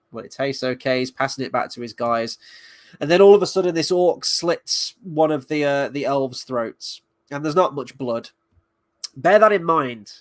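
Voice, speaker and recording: A man's voice: medium pitch, dry recording. Guy doing a casual show review, sarcastic and swears a lot, mid voice, dead dry recording. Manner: sardonic, blunt and sweary.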